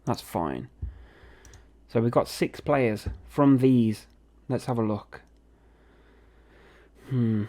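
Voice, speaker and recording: A man's voice: medium pitch, expressive, very slow, pauses often, warm tone. A young man, chatting casually and reacting aloud as he plays a football management game. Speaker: gaming video host.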